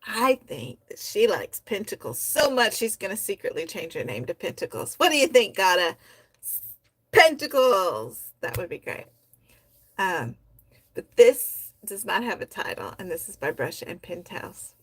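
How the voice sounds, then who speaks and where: A woman hosting a poetry livestream, reading members' poems aloud in a soft, heartfelt way and chatting about them between readings. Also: fairly low pitch, sing-song, moderate pace, breathy edge, no room sound. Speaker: host of a poetry society livestream.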